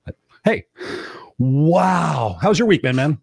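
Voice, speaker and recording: A man in his thirties hosts a casual talk show with bouncy, playful energy, often repeating words for emphasis. His voice sits a little high and sounds dry and close to the mic. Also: big pitch swings, slow, vocal fry, darkish tone, slightly rough, no room sound. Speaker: co-host. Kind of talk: casual podcast chat.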